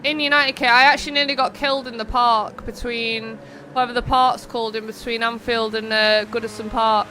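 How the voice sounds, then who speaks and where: A young woman commentates on a racing game live stream, her voice bright and a little high. She chats loosely, drifts into stories and reads out messages from viewers, with a faint hiss of noise behind her. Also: steady tone, brisk. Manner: chatty, rambling, reads chat aloud. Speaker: streamer and race host.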